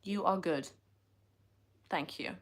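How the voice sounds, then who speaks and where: A woman's voice: lowish voice, slow pace. A woman, chatting casually on a livestream, answering comments in a playful, teasing way and laughing often.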